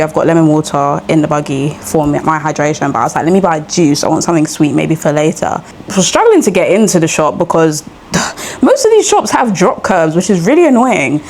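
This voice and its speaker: A woman's voice: low-pitched, slight background noise. A young woman, a sleep-deprived new mother, telling a rambling story in a casual vlog while walking outdoors. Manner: chatty, rambling, animated retelling. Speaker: vlogger. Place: outdoors on a street walk.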